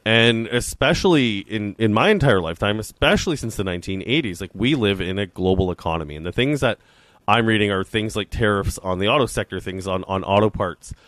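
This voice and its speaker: Male co-host, lowish voice, earnest and measured, dry close mic. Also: expressive, a bit bright, no room sound. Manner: earnest, thinks aloud with pauses. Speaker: podcast co-host. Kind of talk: casual chat.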